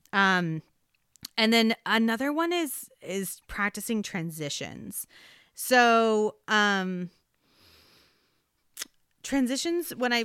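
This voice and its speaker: A woman's voice: medium pitch, a bit bright, smooth, no room sound, clean studio sound. A woman in her thirties hosting a casual self-help podcast, talking conversationally with many fillers and restarts. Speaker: podcast host.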